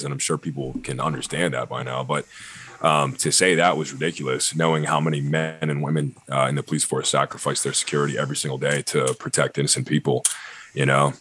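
A man's voice: extremely low pitch, level tone, fast, fairly bright tone, slight background noise. A young American man chatting casually on a podcast, blunt and profane, full of fillers. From United States. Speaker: podcast guest.

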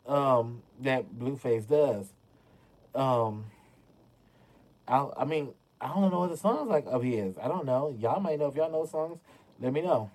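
Chatty dramatic man with a mellow voice. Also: mid-range voice, animated, a little slow, low-quality recording. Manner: chatty and dramatic, addresses viewers as y'all, many fillers. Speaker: commentary host. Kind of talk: casual gossip commentary.

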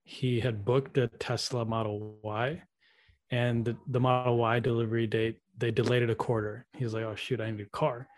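A man with a medium-pitched voice tells a friend's story in easygoing, casual chat. He talks loosely, with slang like "dude.". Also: moderate pace. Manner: relaxed storyteller, uses "dude".

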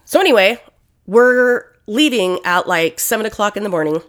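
A woman co-hosting a casual podcast chat, animated and quick to swear. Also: medium pitch. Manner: swears freely, animated storytelling.

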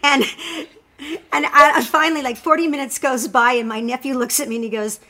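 A woman's voice: sits high, normal speed, a little hiss or hum. A woman guest in casual chat, telling a personal story and acting out what others said. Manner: animated storyteller, acts out quotes.

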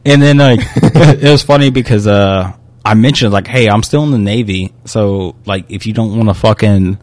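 A man's voice: lowish voice, moderate pace, dry recording. Young guy podcast co-host, swears constantly, worked-up storyteller, dry close sound. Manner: profane, heated, animated retelling. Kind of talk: casual chat, storytelling a complaint.

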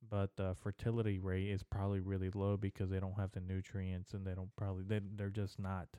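Brief: young male podcast host, crude rambling comedic monologue, low-pitched and dry close sound. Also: completely flat delivery, fairly quick, dark tone, smooth, dry recording. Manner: profane, rambling, stream-of-consciousness.

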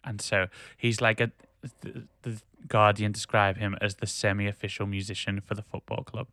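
A man's voice: fairly low pitch, level tone, moderate pace, a bit bright, dry recording. A man co-hosting a casual podcast, ranting with strong opinions and laughing easily. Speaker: podcast co-host.

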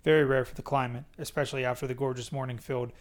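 A man's voice: medium pitch, little pitch movement, very fast. A man hosting a podcast, reading a memoir aloud in a casual way and stopping to joke about it. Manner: reads plainly, breaks off to joke. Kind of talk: casual read-aloud with banter.

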